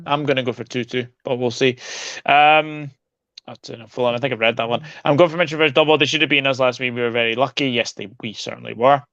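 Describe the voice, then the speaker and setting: A man's voice: mid-range voice, fast talker, no echo. Man reading viewer predictions, dull dry sound. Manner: relaxed, reads out viewer predictions. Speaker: football show host. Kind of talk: casual football chat, reading viewer comments.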